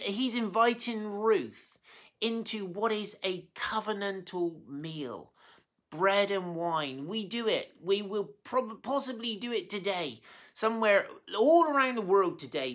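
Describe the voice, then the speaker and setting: Preacher, informal sermon, chatty storytelling, bright forceful tone, many ums and restarts. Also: medium pitch. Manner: chatty and animated, full of fillers and self-corrections; emotionally moved by the story.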